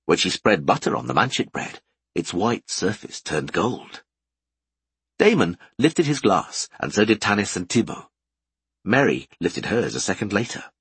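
A male narrator reads a fantasy story with a husky, breathy voice that swings widely in pitch. His tone is slightly low, and the recording is dry and close. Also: very animated, measured pace, fairly bright tone, dry recording. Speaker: audiobook narrator.

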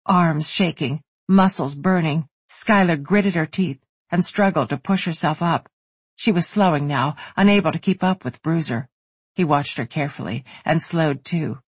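A woman narrates an audiobook in an even, steady read. Her voice is husky and a little breathy, recorded close and dry with no room sound. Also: deep voice, normal speed, no room sound. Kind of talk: scripted narration.

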